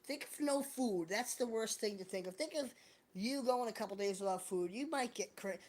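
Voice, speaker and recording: A woman's voice: a little high, moderate pace, a little mellow. A woman chatting casually on a livestream, rambling, joking and swearing a lot. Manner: profane, rambling, jokey. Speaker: live streamer.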